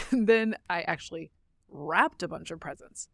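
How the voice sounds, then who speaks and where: A woman's voice: fairly low pitch, lively intonation, measured pace, creaky, a crowd in the background. A middle-aged woman co-hosting a podcast, telling stories in a chatty way, laughing easily and correcting herself. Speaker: podcast co-host. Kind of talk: casual chat.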